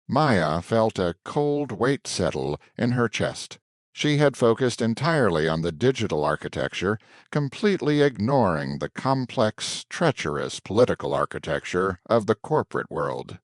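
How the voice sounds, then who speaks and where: Deep-voiced man narrating a story. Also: unhurried, dry recording, clean studio sound. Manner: even, descriptive storytelling.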